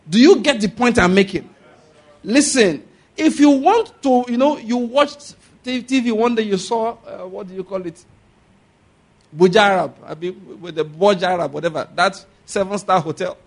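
A man's voice: high-pitched, normal speed. A man preaching a sermon as a pastor, emphatic and often asking the congregation for an amen. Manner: emphatic, asks the congregation for amens.

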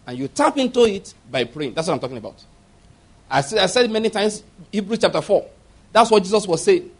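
A pastor delivers a sermon in a high, husky male voice. He's emphatic, laughs often, and acts out little voices along the way.

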